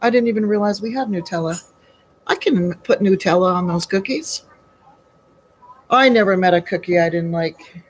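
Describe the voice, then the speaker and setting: A woman's voice: medium pitch, normal speed, pauses often, a little hiss or hum, rough recording. A woman hosting a casual live baking stream from her home kitchen, chatty and folksy, greeting viewers by name.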